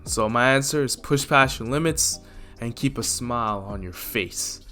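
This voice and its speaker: A larger-than-life superhero put on by a man in a fan-told story, proclaiming every line with bold, jovial confidence and a lifted pitch. Quiet lofi music plays underneath. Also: normal speed, close to an everyday voice. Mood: encouraging. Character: booming top male superhero, confident and upbeat.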